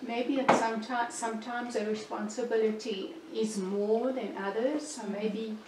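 A woman in her sixties sharing earnestly at a church Bible study, speaking in a measured way. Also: a little high, fairly even intonation, very noisy. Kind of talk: church group discussion. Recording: echoey room from far off.

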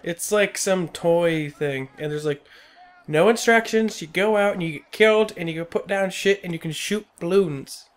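A man's voice: high-pitched, moderate pace. A young man joining in goofy, crude banter during a video game session. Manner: goofy, crude, laughs often. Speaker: let's play co-commentator. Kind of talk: casual gaming banter.

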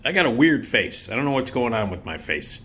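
A man's voice: medium pitch, very animated, brisk, a bit bright. A man in his fifties hosting a casual storytelling vlog, rambling and profane with plenty of filler words. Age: 50s. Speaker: YouTube host.

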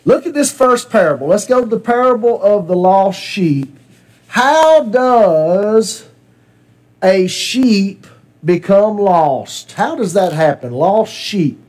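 A man's voice: high voice, animated, takes it slowly, a little mellow. A man teaching a Bible class in a church classroom, asking questions and repeating his students' answers.

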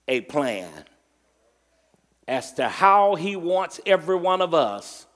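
A man's voice: high-pitched, big pitch swings. A man preaching a sermon as pastor, stretching out stressed words and calling on the congregation to answer. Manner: emphatic preaching, drawn-out stressed words, call and response. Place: church sanctuary. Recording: long reverb from a large hall.

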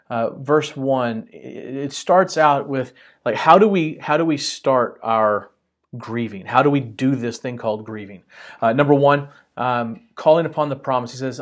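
A male pastor teaching a church Bible study in an earnest, gentle way, with many halting pauses. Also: medium pitch.

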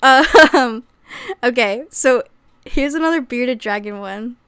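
A woman's voice: a little high, slow, fairly bright tone, smooth, no room sound. A young woman vlogging casually to camera about crochet patterns, chatty and prone to fits of laughter. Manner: giggly, bursts into laughter, says okay often.

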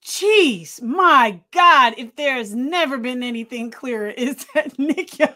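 A woman co-hosting a casual movie review podcast, excitable, laughing often and swearing casually. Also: high-pitched, slow pace. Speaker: podcast co-host.

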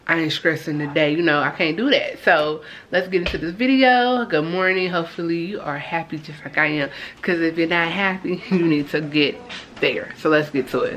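Woman vlogger, lowish voice, chatty and upbeat, home kitchen, faint noise. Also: poor audio. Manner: chatty and upbeat, addresses viewers as y'all. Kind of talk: casual vlog chat.

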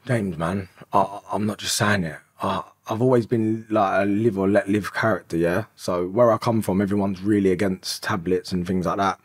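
A man's voice: low voice, fairly even intonation, moderate pace, hardly any pauses, slightly rough, no room sound, clean studio sound. A man in his thirties, a podcast guest, telling his story in an emotional, rambling way and swearing often. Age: 30s. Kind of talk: candid confessional storytelling.

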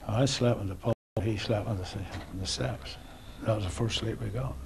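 A Northern Irish man in his eighties, a war veteran recalling events in a halting oral history interview with restarts and soft chuckles. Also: lowish voice, gravelly, noisy background. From Northern Ireland. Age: 80s.

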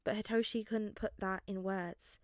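Woman narrator for a fanfic audiobook, steady mid voice, gentle pacing, dry close recording. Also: medium pitch, no room sound. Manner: gentle, measured reading. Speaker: podfic reader.

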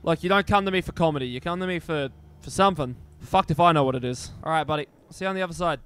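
A young man doing casual let's-play commentary as a gaming streamer, joking, swearing and reacting loudly to what happens on screen. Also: on the high side, racing, smooth. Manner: excitable, swearing, jokey.

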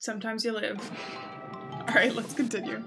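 A woman's voice: fairly high pitch, flat delivery, normal speed, loud music behind the voice. Chatty young woman playing a game. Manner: chatty, talks to viewers, playful and easily startled. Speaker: gaming youtuber. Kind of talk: casual let's play commentary.

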